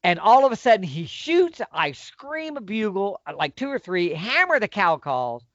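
A man excitedly telling a hunting story, acting out the exchanges he quotes. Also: sits high, normal speed, no room sound. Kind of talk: animated storytelling. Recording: dull lo-fi audio.

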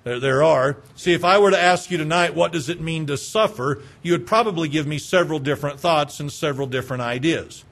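A man preaching a sermon, earnest and pleading, asking his congregation questions and slowing down for emphasis. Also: a little high, a bit bright. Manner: talks directly to congregation with rhetorical questions. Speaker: pastor.

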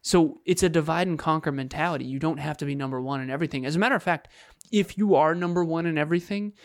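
A man's voice: on the high side, quick pace, no echo, clean studio sound. A man co-hosting a podcast, explaining his views in earnest, casual chat with short repeated phrases. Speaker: podcast co-host.

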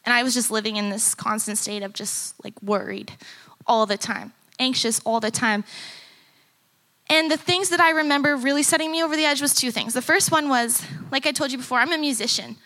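Young woman speaker, bright and a bit high, chatty testimony that acts out what people said. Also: fairly quick. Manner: conversational, acts out remembered dialogue. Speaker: conference speaker and musician. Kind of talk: personal testimony talk. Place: conference stage before teens.

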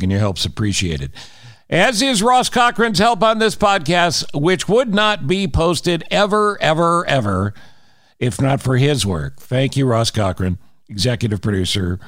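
A man's voice: medium pitch, dry recording, studio quality. A middle-aged man hosting a podcast, joking with a guest and then reading a jokey, promotional wrap-up. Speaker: podcast and radio host. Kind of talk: casual interview and show outro.

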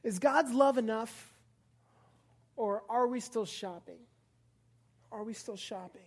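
A young woman with a fairly high voice preaches in a loose, conversational way. She jokes with her congregation, laughs between thoughts, and slips into acted-out scenes. Her delivery stays relaxed and chatty, with plenty of fillers. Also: slow, slightly rough. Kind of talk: casual youth sermon. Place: church service before a live congregation.

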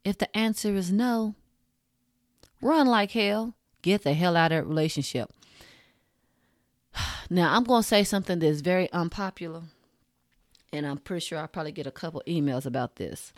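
A woman's voice: fairly low pitch, moderate pace, long pauses, dry recording. A woman podcast host, ranting frankly and profanely in a casual monologue into a close mic. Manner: frank, profane, rants with punchy asides.

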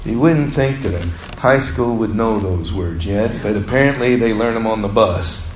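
Folksy preacher in an echoey church. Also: male voice, slight background noise. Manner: folksy storyteller, drawn-out emphasis, dips low on asides. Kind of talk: sermon. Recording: echoey room with faint ambience.

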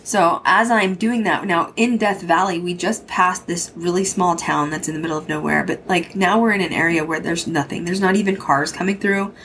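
A woman's voice: lowish voice, moderate pace, few pauses, a bit bright, slight background noise. A young adult woman hosting a podcast, telling a spooky road-trip story in a casual way, cursing freely and acting out what others said. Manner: swears freely, quotes others in dialogue. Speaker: podcast host.

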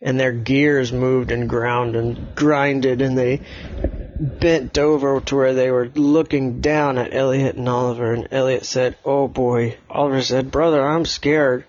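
A man spins a bedtime story as he goes, slow and halting, often restarting his sentences. His voice sounds dull and lo-fi, like a home recording. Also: mid-range voice, flat delivery, darkish tone. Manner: hesitant, halting with many restarts.

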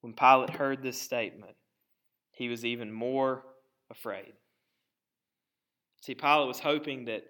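A pastor giving a sermon, preaching with emphasis and dramatic pauses, and repeating words as he presses a point. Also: mid-range voice, pushed and bright.

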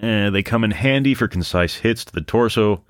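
A man's voice: on the low side, normal speed, no echo, studio quality, close to an everyday voice. A man putting on a mocking, exaggerated Canadian-style voice for a smug young man.

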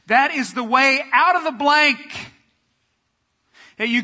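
Bright-voiced, high-pitched preacher man. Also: lively intonation, moderate pace, in a large hall. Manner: preaching with rising fervor, then quiet prayer. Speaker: pastor. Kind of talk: sermon.

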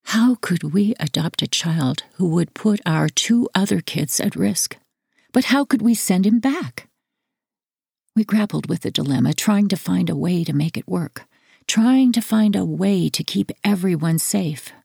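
A woman narrating a first-person memoir audiobook in a measured, earnest reading. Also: fairly low pitch, lively intonation, creaky, a little mellow, husky, no room sound, studio quality.

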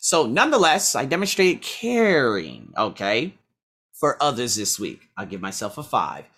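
A man's voice: mid-range voice, sing-song, moderate pace, fairly bright tone, breathy edge. A man who teaches, talking through a casual weekly self-review, rambling and blunt, swearing freely as he scores himself aloud.

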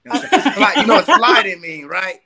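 A man's voice: sits high, animated, quick pace, creaky, crowd noise. A man from Compton, California with a Los Angeles accent, a rapper chatting casually over a remote call, slangy and laughing with plenty of swearing. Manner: slangy, laid-back, laughing, profane. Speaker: rapper guest. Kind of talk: casual interview chat.

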